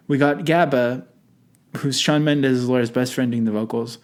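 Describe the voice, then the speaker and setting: A man's voice: medium pitch, moderate pace. Rambling joking male podcast host. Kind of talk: casual chat.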